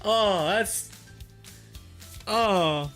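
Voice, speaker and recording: A high-voiced man hosts a casual stock market livestream and tells stories in a loose, rambling way, often laughing. Faint music plays underneath his chat. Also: very slow, a bit bright. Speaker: stock market live streamer.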